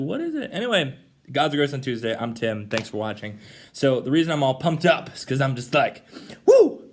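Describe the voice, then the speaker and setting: Animated young man in a casual faith vlog. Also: medium pitch. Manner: animated, acts out dialogue with voices. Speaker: vlogger.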